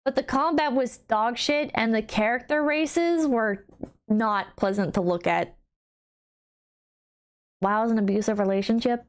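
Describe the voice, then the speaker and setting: A woman with a voice a little higher than most, talking casually on a livestream. She answers chat in a blunt, wry way and swears freely. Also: unhurried, pauses often. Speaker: streamer reading chat.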